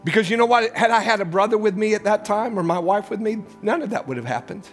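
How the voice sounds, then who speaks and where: High-pitched preaching pastor man. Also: expressive, fast, faint music behind. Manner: emotional storytelling preacher, swings between loud and hushed. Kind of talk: sermon.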